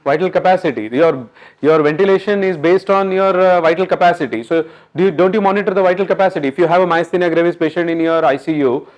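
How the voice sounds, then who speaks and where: Guy teaching a workshop, bit high voice, keeps pushing the room for answers. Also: lo-fi sound. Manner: quizzes the audience, coaxing and brisk. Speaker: workshop lecturer. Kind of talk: interactive medical lecture. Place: workshop lecture hall.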